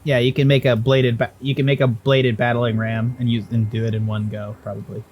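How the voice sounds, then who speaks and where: A man's voice: mid-range voice, level tone, a little fast, dull audio, slight background noise. A man narrating as game master in a casual, rambling way, often correcting himself. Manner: rambling, self-correcting, laughing asides.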